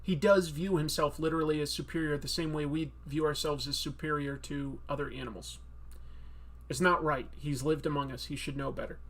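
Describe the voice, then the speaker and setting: A man's voice: on the high side, steady tone, fairly quick, fairly bright tone. Man, casual, rambling, self-deprecating, stream host. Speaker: comic artist streamer.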